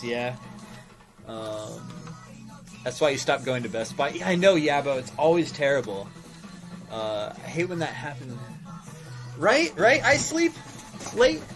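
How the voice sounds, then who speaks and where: Rambling, animated shop owner on stream. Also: male voice, mid-range voice, measured pace, long pauses, faint music behind. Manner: rambling and animated, heavy fillers, swears freely. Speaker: game and toy shop owner streaming live. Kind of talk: casual livestream chat, reading viewer comments.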